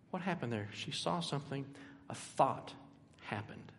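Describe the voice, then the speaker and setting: An older man preaching a sermon, emphatic, swinging between loud and soft with dramatic pauses. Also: mid-range voice, animated, gravelly. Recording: echoey hall.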